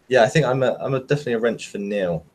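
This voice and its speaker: A man's voice: medium pitch, a little mellow. A man, chatting casually and jokingly as a podcast host.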